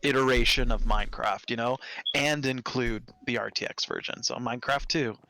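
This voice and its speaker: A man with a gravelly, sharp voice makes dry, teasing remarks in relaxed chat. A faint hiss sits under him. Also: medium pitch, normal speed, low-quality recording. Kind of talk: casual chat.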